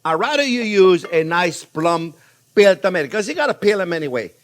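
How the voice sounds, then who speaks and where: A man from Provence with a French accent, hosting a chatty, animated cooking demonstration in his kitchen and talking to viewers as friends. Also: high-pitched, brisk. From Provence, France. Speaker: cooking show host. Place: home kitchen in Florida.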